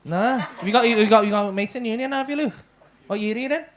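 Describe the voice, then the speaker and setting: A man's voice: high voice, fast talker. A young man doing stand-up, chatting with the crowd in a rowdy, sweary way. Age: young adult. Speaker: stand-up comedian. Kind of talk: crowd work and stand-up storytelling. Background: audience laughter.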